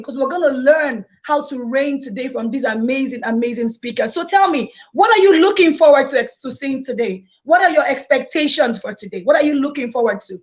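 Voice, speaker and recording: A woman hosting a live-streamed conference with exuberant energy, hyping the crowd and repeating phrases. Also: sits high. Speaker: conference host. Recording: dull lo-fi sound.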